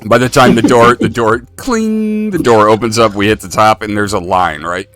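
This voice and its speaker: Deep-voiced man telling a story. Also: moderate pace, soft background music. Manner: animated storyteller, acts out voices. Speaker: host. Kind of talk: casual storytelling chat.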